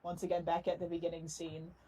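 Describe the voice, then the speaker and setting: A woman's voice: fairly low pitch, completely flat delivery, brisk, warm tone, breathy edge. A young woman co-hosting a casual podcast, rambling and giggling, with plenty of "like" in her speech. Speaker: podcast co-host. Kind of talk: casual chat. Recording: distant from the mic.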